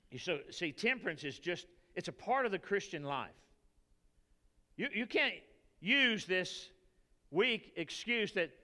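A man with a Texan accent preaching a sermon as pastor, folksy and animated, telling stories to the congregation. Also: on the high side, long reverb tail. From Texas.

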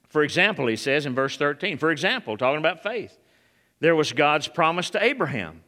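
A man's voice: fairly high pitch, very animated, normal speed, pushed and bright. A man preaching a sermon, calling out to the congregation and building to a fervent, raised delivery. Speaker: pastor.

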